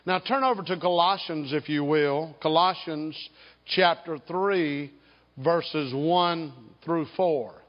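Slow, emphatic preacher in a reverberant hall. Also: male voice, fairly high pitch. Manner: slow, emphatic, draws out key words; leads congregation in call and response. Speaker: pastor. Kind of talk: sermon. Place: church sanctuary. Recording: dull sound with long hall reverb.

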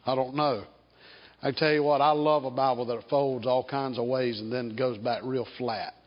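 A man preaching a sermon as pastor. He speaks slowly and emphatically, draws out key words, and leads the congregation in call and response. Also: medium pitch, fairly even intonation. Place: church sanctuary. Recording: dull sound with long hall reverb.

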